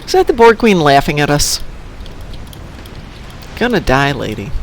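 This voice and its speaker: A man's voice: fairly high pitch, very animated, unhurried, a little hiss or hum. A man giving casual, joking commentary while playing a video game, poking fun at himself and his team. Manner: joking, self-mocking, makes pew-pew sounds. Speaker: gameplay commentator.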